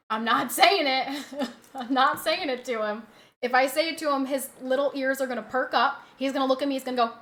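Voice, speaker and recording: A woman's voice: sits high, pushed and bright. A woman streamer chatting casually on a live stream from her home setup, often cooing at her dog in a doting voice.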